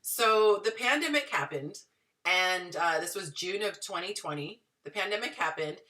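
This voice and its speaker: A woman in her thirties telling her story to viewers in a chatty, animated way. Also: fairly low pitch, normal speed, far from the mic. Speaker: dating and relationship advice vlogger.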